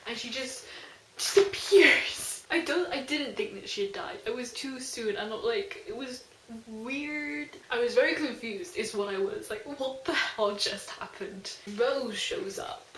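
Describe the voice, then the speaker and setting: A young woman chatting casually about a book she read, gushing and animated, with lots of "like" between her thoughts. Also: fairly high pitch. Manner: gushing, fast and animated, heavy use of "like". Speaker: book reviewer. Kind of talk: casual book review chat. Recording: echoey room with faint noise.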